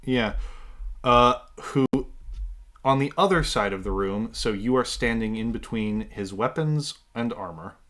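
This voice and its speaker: A man's voice: lowish voice, a little slow, fairly bright tone. A man running a tabletop game as game master, narrating loosely with many fillers.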